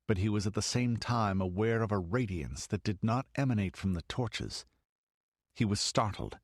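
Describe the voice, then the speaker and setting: Reading an audiobook aloud, a man with a voice on the low side keeps an even, measured storytelling pace. The scripted narration is captured dry, with clean studio sound.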